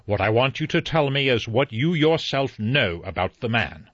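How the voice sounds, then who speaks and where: A man reading an audiobook, voicing an elderly judge who speaks dryly and with measured authority. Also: medium pitch, sing-song, a bit bright, no echo. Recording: slightly dull dry recording.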